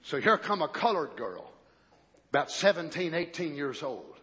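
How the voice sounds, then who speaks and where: A man preaching a sermon, telling a story in folksy rural grammar and rising to shouted questions. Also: a little high, very animated, moderate pace, slightly rough. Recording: echoey hall, muffled old recording.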